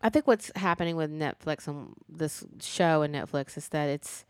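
A woman chatting casually about a TV show, animated and talkative with playful sass. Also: low voice, moderate pace, clear, resonant tone, no room sound. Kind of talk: casual chat reviewing a TV show.

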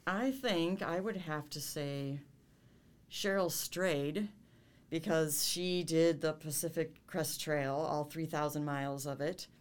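Low-pitched woman, chatty guest teacher, casual podcast talk. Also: slow. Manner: chatty, laughs often, self-interrupting restarts.

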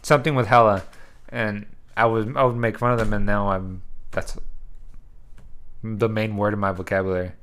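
A man's voice: on the low side, little pitch movement, moderate pace, a bit bright. A man co-hosting a podcast, chatting casually and rambling with lots of fillers and swearing. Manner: loose, rambling, swears freely, many fillers. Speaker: podcast co-host. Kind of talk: casual chat.

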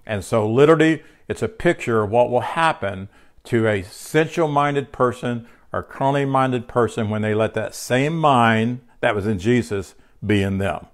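A man's voice: medium pitch, normal speed. A man teaching a spiritual lesson from his home, speaking conversationally with fillers and restarts, and sounding tired. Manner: conversational, with fillers and self-corrections. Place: home room.

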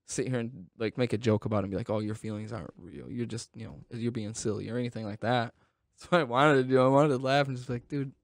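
Thirties male storyteller, mid pitch, casual and profane, dry close sound. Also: fast talker, creaky, no room sound. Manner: laid-back, swearing, says "dude" often.

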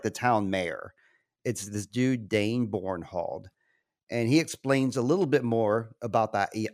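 A man's voice: fairly low pitch, no room sound, clean studio sound. A man recapping a TV episode in casual podcast chat, rambling and laughing often. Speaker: podcast co-host.

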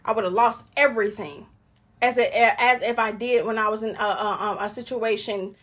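A woman with a high, slightly breathy voice talks casually about her faith. She is joyful and preachy, laughs often and rambles from one thought to the next. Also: fairly even intonation, moderate pace, fairly bright tone. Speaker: Christian woman sharing testimony.

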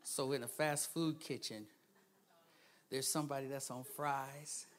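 A man preaching a sermon as a guest speaker, swinging between hushed asides and loud, emphatic bursts and laughing often. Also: mid-range voice, fairly even intonation, a little slow.

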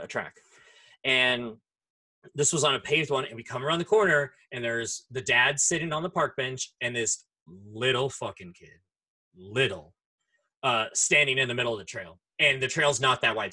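Bright, profane man telling stories. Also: mid-range voice. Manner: profane storyteller who acts out voices. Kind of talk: casual chat. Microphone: headphones.

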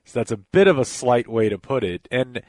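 A man's voice: medium pitch, lively intonation, moderate pace, a little mellow, no room sound. A man co-hosting a radio show, needling a colleague with a laugh. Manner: teasing, needling, laughs while talking. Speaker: radio co-host. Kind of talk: casual radio banter.

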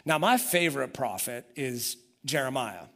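A man's voice: mid-range voice, lively intonation, normal speed, a bit bright. A man preaching a sermon, telling the story with energy and acting out the voices of the people in it. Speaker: pastor.

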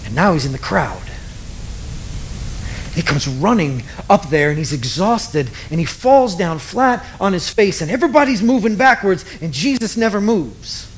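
A man preaching a sermon, telling a story dramatically with emphatic pauses and repetition. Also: high-pitched, very animated, slight background noise.

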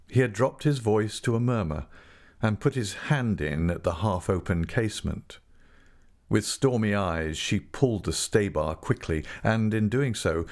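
A man narrating a classic novel with a low voice that rises and falls expressively. His reading is measured and deliberate, paced to the story. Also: a little mellow. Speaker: audiobook narrator.

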